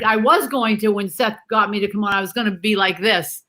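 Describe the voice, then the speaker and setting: A woman chatting as a guest over a video call from home, animated and affectionate, calling people dear and love. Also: mid-range voice, normal speed, noisy background. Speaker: guest on a livestream talk show. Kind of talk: casual video-call chat. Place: home in Canada.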